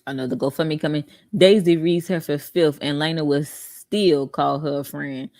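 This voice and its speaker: A woman hosting reaction commentary, animated and laughing, firing rhetorical questions at her viewers, with features. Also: deep voice, normal speed, dry recording. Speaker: commentary channel host.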